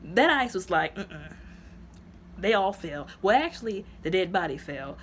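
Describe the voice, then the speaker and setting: A woman's voice: on the low side, very animated, unhurried, a little hiss or hum. A woman reviewing a movie in a casual, chatty retelling, full of fillers, who acts out the characters' lines.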